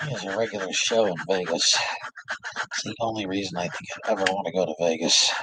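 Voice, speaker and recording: A man's voice: deep voice, quick pace, heavy background noise. A man streaming, chatting casually and laughing often while he saws and files at a workshop project, rambling and joking at his own expense.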